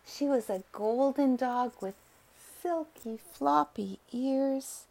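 A woman narrating a bedtime story softly and slowly, often sinking into whispers. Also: fairly high pitch, gravelly. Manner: soft and slow, dropping to whispers.

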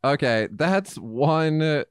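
A man co-hosting a casual talk show, explaining slang with lively storytelling and quoted voices. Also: on the high side, drawn-out words, clean tone, no echo, studio quality. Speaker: podcast co-host, English teacher.

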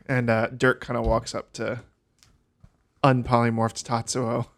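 A man narrating a tabletop game as game master in a relaxed, halting way. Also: medium pitch.

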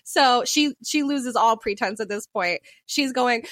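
A woman co-hosting a podcast, telling a story in casual chat, animated, swearing freely and laughing often. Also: fairly high pitch, a little slow, hardly any pauses, no room sound, clean studio sound. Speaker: podcast co-host.

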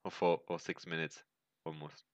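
A man's voice: very deep voice, little pitch movement, moderate pace, no echo, muffled recording. A young man with a German accent, co-hosting a casual podcast in a joking, loose way. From Germany and Chile. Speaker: podcast co-host.

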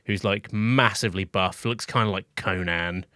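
A man narrating as game master in a relaxed, filler-heavy way. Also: sits low, normal speed, no room sound, clean studio sound. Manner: relaxed, many "like" and "you know" fillers.

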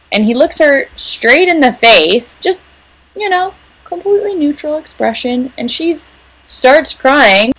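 A woman's voice: high voice, expressive, unhurried, fairly bright tone, low-quality recording. A woman co-hosting a podcast, casually recapping the plot of an episode scene by scene. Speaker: podcast co-host. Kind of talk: casual chat.

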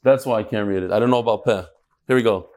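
A man's voice: on the low side, fast talker, a little mellow. A man teaching a live Talmud class, chatty, joking with the room and mixing Hebrew and Yiddish terms into his English. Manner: chatty, jokes and asides to the room.

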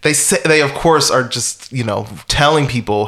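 A man's voice: mid-range voice, normal speed, hardly any pauses, pushed and bright. Wry, rambling man recapping a film. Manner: rambling, wry, with frequent chuckles and fillers. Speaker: podcast co-host. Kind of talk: casual chat recapping a film.

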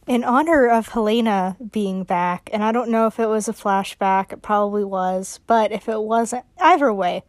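A woman's voice: mid-range voice, normal speed, no echo. A young adult woman casually chatting on her podcast, giggly and rambling, with many fillers and restarts. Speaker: podcast host.

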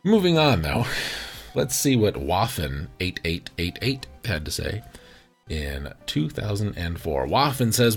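A man's voice: low-pitched, very animated, unhurried, gravelly, breathy edge, faint music behind. A man hosting a podcast, reading game reviews aloud for comic effect and pronouncing every comma, period and capital letter in mockery. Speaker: podcast host. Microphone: video recording.

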